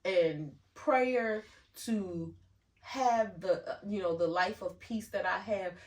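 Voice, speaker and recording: A woman's voice: medium pitch, slow pace, a little mellow, recorded from a distance. A woman co-hosting a podcast, talking candidly in casual chat with lots of fillers. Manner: candid, chatty, many fillers. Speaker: podcast co-host.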